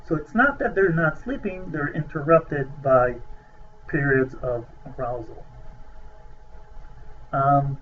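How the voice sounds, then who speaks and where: Male lecturer, slightly high voice, halting delivery full of "uh"s, stresses key terms, dull lo-fi recording with faint hiss. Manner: hesitant, many filler sounds, emphasizes key terms. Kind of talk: recorded lecture over slides.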